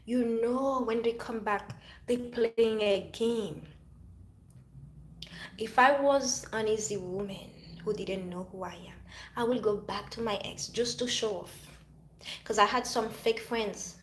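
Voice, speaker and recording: A woman's voice: medium pitch, steady tone, a little slow, a little hiss or hum. Emphatic woman from Haiti in echoey room. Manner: emphatic, preachy, repeats herself. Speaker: vlogger. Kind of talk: personal talk to camera.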